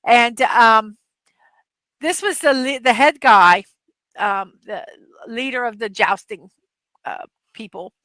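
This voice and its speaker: A middle-aged woman hosts a casual livestream from her desk at home, her voice sitting a little high and sounding bright and forceful. She rambles through stories with plenty of fillers and laughter. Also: slow, pauses often, no echo. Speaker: livestream host.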